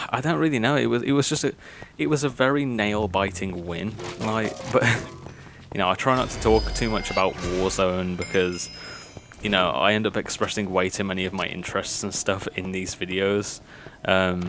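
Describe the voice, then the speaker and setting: A young man, talking casually over gameplay in a rambling, hesitant way, full of fillers. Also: lowish voice. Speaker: gaming YouTuber. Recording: steady background noise.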